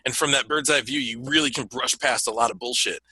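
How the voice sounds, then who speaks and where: Male guest, former comic; bright, sharp voice, swears freely, straight talker. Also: medium pitch, quick pace, slightly rough, no echo, rough recording. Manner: blunt, profane, animated. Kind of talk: casual chat.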